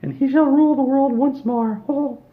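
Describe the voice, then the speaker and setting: A man doing a squeaky falsetto voice for an evil cartoon mouse cult leader who cackles. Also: steady tone, moderate pace, phone-quality sound. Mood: gleeful.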